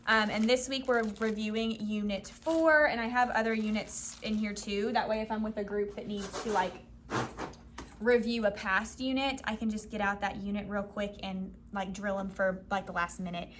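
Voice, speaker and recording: A woman's voice: mid-range voice, steady tone, moderate pace, slight background noise. A young woman who teaches first grade, walking through a classroom lesson in a casual vlog and acting out her teacher talk. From Florida. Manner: acts out classroom dialogue in a bright teacher voice; loose and chatty, with many fillers.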